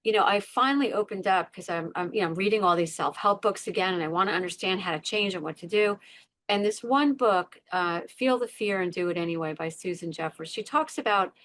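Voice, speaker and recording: A woman's voice: mid-range voice, a little fast, fairly bright tone. A middle-aged woman, a podcast guest, sharing a personal story in conversation with earnest emphasis, repeating words and acting out her inner voices.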